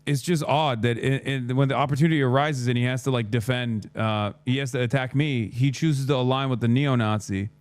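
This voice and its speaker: A man's voice: mid-range voice, fairly even intonation, smooth, no echo. Male streamer, mid-range voice, sarcastic ranting commentary. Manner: sarcastic, crude, rapid rants. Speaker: political streamer.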